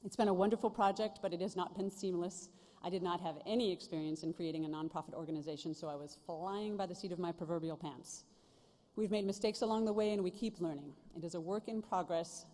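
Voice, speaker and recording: A woman's voice: fairly low pitch, warm tone. Middle-aged woman speaking in a reverberant hall. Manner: earnest, self-deprecating, measured delivery. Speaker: commencement speaker. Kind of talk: commencement speech. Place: large ceremony venue stage.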